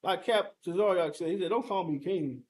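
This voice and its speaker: A man with a notably high-pitched voice leads a heated scripture breakdown as a teacher. He speaks emphatically and confrontationally, pressing his listeners with rhetorical questions and the occasional curse. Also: a little fast.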